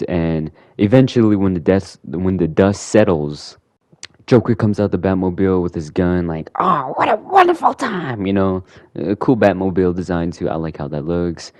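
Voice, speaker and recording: A man's voice: deep voice, warm tone, clear, resonant tone, dry recording. A man who hosts a gaming channel, rambling casually through a recap of a game and filling his talk with "you know" and "like".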